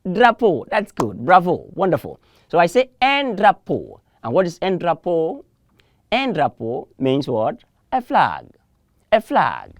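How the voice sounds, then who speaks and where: Lively, low-voiced teacher drilling pronunciation. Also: female voice. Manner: patient drilling, repeats words for learners to echo; encouraging, gently corrects mispronunciations. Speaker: French teacher. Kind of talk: televised language lesson.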